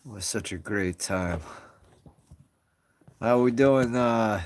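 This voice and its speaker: A man's voice: fairly low pitch, takes it slowly, a little mellow. A man hosting a casual live stream from home on his phone, rambling and greeting viewers as they join. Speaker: livestream host.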